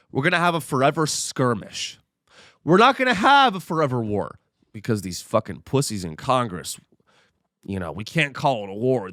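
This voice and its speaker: A man's voice: medium pitch, fairly bright tone, dry recording, studio quality. A man hosting a comedy podcast, ranting sarcastically and profanely.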